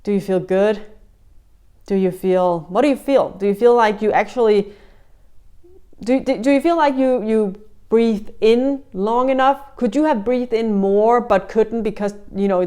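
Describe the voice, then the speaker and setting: Smooth-voiced woman guiding breathing. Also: medium pitch, measured pace. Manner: gentle, talks through steps with many restarts and fillers. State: a little out of breath. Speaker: breathing exercise guide. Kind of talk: guided breathing lesson.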